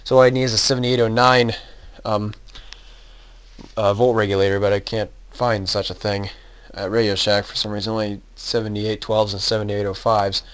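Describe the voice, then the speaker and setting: Hesitant low-voiced man explaining gadgets. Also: flat delivery, moderate pace, clear, resonant tone. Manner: hesitant, thinking aloud with many ums and uhs. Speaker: hobbyist electronics builder. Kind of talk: casual show-and-tell explanation.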